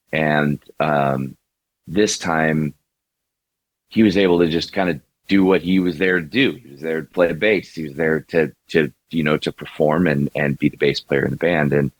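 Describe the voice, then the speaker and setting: Speaking as a casual interview guest, a singer-songwriter with a very deep, low voice rambles along, often restarting sentences and relying on fillers. The sound is close and dry, with no echo or surrounding room.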